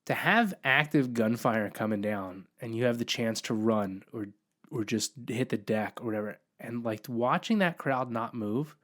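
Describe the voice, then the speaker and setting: A man with an ordinary mid-range voice speaks on a casual podcast. He tells stories bluntly and vividly and stays animated throughout. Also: medium pitch, moderate pace. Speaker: podcast host.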